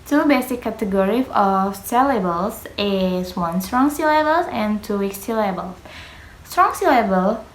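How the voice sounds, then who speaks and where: A young woman whose first language is Indonesian, a student giving a class presentation on pronunciation, slow and halting, carefully spelling out words. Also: medium pitch, animated. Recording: echoey room.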